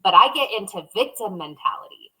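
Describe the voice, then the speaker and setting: Woman cohost on a podcast, bright voice, open and emotional, plays out her own thoughts in little voices. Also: medium pitch, lively intonation, a little fast, breathy edge, poor audio. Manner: candid, emotional, acts out quoted inner voices. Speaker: podcast co-host. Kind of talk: casual conversation.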